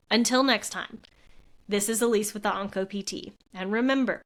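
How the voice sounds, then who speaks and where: A woman's voice: medium pitch, a bit bright. A young adult woman, a physical therapist, hosting a solo podcast in an earnest, heartfelt, conversational way with frequent fillers. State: tearful at moments.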